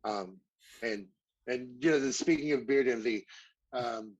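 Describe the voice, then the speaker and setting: A man's voice: medium pitch, a little slow, dull audio. Chatty rambling male co-host. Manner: chatty, rambling, self-deprecating humor. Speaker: podcast co-host. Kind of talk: casual group chat.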